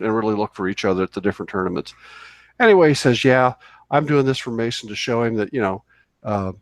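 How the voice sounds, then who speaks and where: A man's voice: mid-range voice, no echo. Chatty man telling a rambling story. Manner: rambling with many fillers and restarts. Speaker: co-host. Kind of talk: casual storytelling on a radio show. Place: radio studio.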